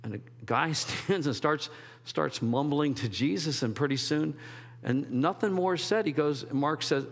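A man's voice: fairly high pitch, sing-song, measured pace, a bit bright, slightly rough, big-room sound. A man preaching a sermon as a pastor, in a conversational, rambling way with restarts and quoted asides.

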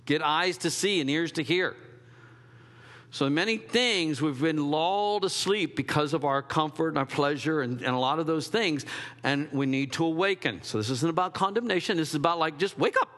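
A man preaching a sermon in an animated, conversational way, slipping into quick acted asides. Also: fairly high pitch, in a large hall. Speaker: pastor.

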